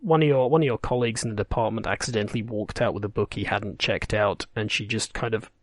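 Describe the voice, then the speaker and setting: A man's voice: on the low side, fast talker, dry recording, studio quality. A man running a tabletop game, narrating in a rambling, wry way that corrects itself as it goes. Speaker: game master.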